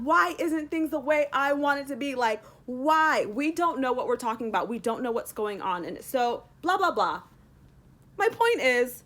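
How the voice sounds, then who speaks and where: A young woman talks casually to camera in a devotional vlog, her voice sitting a little high. She rambles, fills every gap with "like," and throws herself into lively retellings. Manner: rambling, heavy use of "like", animated retellings. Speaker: Christian vlogger.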